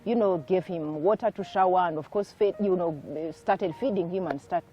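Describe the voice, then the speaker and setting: A woman guest telling her life story in an interview, soft-spoken and reflective, with many fillers. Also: fairly low pitch, moderate pace, crowd noise. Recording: dull lo-fi recording with faint music.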